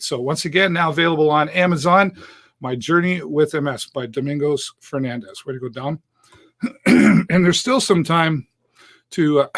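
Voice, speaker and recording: A man's voice: medium pitch, a bit bright, dry recording. A middle-aged man from Canada hosting a live show, talking casually and upbeat with many fillers. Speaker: host.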